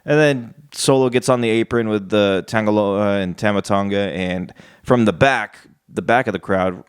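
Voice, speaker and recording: Smooth low-voiced man rambling a review. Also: dry recording, clean studio sound. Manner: rambling, repeats words, quotes wrestlers in paraphrase. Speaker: wrestling show reviewer. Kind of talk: casual solo review.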